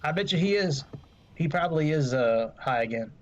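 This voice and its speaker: A man's voice: a little high, lively intonation, moderate pace, lo-fi sound. A man streaming a flight sim, rambling and swearing freely as he talks to his chat. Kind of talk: casual gameplay commentary.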